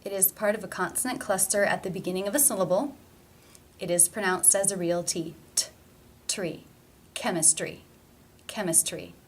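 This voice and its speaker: A woman's voice: medium pitch, steady tone, slight background noise. Woman teaching careful pronunciation. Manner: slow, careful demonstration of sounds. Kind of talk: pronunciation lesson.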